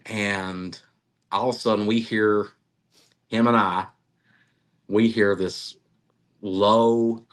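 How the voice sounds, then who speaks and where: Middle-aged man, lower voice, animated storyteller, laughs often. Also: takes it slowly, long pauses. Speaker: interviewee, cryptid researcher. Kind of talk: storytelling interview.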